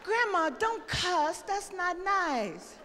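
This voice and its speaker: A woman's voice: very high voice, very animated, slow, big-room sound, noisy background, voice pushed up, exaggerated voice. An older woman voicing a pleading little granddaughter who asks for money. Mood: wheedling. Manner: pleading, wheedling. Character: pestering little granddaughter, girl.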